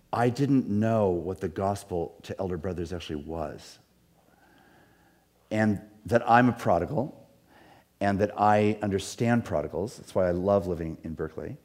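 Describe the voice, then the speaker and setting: A man's voice: sits low, a little mellow. A middle-aged man, a pastor, talking in an earnest, rambling way with many restarts. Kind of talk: reflective talk.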